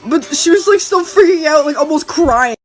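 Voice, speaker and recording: A woman's voice: high voice, animated, moderate pace, music in the background. A woman telling a casual storytime anecdote, animatedly acting out her friends' lines.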